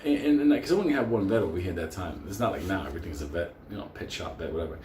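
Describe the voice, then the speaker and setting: A man's voice: low voice, very fast, slight background noise. A man telling a story casually, swearing often and laughing through it. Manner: profane, laughing, animated. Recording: echoey room with faint ambience.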